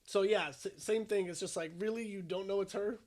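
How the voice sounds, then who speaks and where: A man co-hosting a podcast in casual chat, blunt and quick to argue, swearing freely. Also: sits high, a little mellow. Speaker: podcast co-host.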